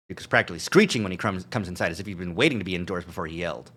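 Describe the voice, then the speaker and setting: Deep-voiced man reading a story aloud. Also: very fast, a bit bright, slightly rough. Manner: reads narration with asides and chuckles. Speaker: streamer. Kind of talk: reading a visual novel aloud on a live stream.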